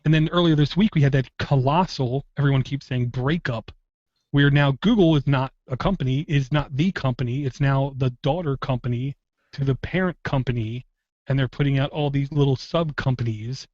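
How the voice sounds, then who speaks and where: A man's voice: mid-range voice, moderate pace, darkish tone, dry recording. Chatty, wry male podcast host. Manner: chatty, tangent-prone, wry teasing. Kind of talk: casual podcast chat. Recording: dull lo-fi dry podcast audio.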